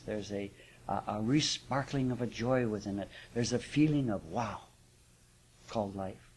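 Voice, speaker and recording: A man at a middling pitch teaches a spiritual class before a live audience. He talks in a relaxed, conversational way, checks in with his listeners as he goes, and chuckles now and then. A faint hiss sits under the recording. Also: slow pace, long pauses. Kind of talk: live class talk on yoga and affirmations.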